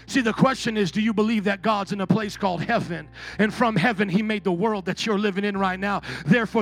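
A man preaching a sermon as pastor, animated, acting out whining complainers and shouting for emphasis. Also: high-pitched, fairly quick, faint music behind.

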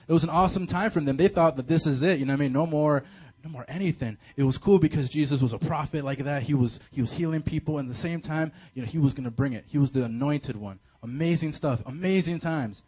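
A man preaching a casual, animated sermon to a youth group, full of slang and fillers. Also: mid-range voice, fast, slightly rough. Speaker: youth pastor.

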